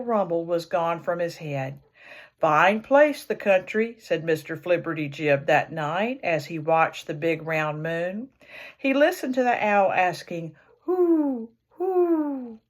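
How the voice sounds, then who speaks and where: A woman reading a children's picture book aloud in an expressive storyteller's way, imitating the animal sounds. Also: fairly low pitch.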